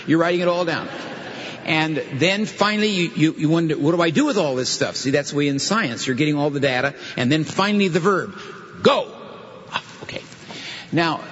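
Animated male preacher in a reverberant hall. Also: a little high. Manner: animated preacher, lively teaching with rising emphasis. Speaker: pastor. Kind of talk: sermon. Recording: dull audio in a reverberant hall.

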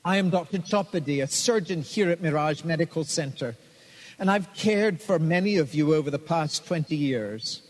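A dignified old surgeon with a kind, measured, earnest way of speaking, as a man reads him. The voice sits fairly high for a man and rings with a long reverb, as if in a hall. It is a storybook reading rather than a full character voice. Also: animated.

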